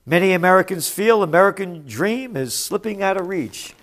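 A man giving sarcastic, indignant commentary on news stories, swinging from mocking mutters to outraged shouts. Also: high voice, lively intonation, moderate pace, hardly any pauses.

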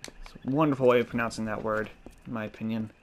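A man's voice: on the low side, steady tone, fast talker, a little hiss or hum. A man giving casual, joking gameplay commentary, swearing now and then and laughing at his own puns. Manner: chatty, swears, mock-corny jokes. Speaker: let's play gamer. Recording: game music behind voice. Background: game music and sounds.

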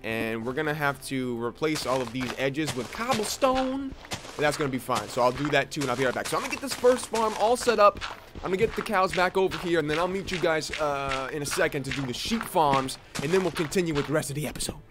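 A young man giving playful, excitable commentary while playing a survival game, chatting with his viewers. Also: a little high, fast, over music. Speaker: Minecraft let's play host. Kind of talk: casual gameplay commentary.

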